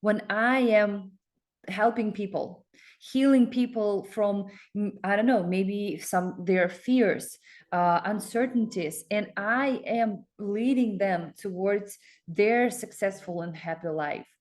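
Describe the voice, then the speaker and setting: Excited rambling woman coach. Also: medium pitch, slow pace. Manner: excited, rambling, with many fillers and restarts. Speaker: coach promoting a focus group. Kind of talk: casual self-promotional talk with screen share.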